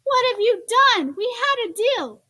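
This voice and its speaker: A woman's voice: high-pitched, animated, normal speed, husky. A woman voicing a firm, impatient mother fed up with her son's toys. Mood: angry. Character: exasperated mom clearing out toys.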